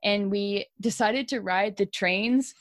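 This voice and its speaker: A young Canadian woman co-hosting a podcast, telling a story in a casual, animated way and laughing often. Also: mid-range voice, slow pace, no room sound, clean studio sound. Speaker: podcast co-host.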